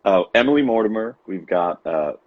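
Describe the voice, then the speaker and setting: Husky laughing man chatting on a podcast. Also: fairly low pitch, animated, fairly quick, no room sound. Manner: laughs often, rambling with restarts. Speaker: podcast co-host. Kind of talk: casual chat. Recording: dull lo-fi sound.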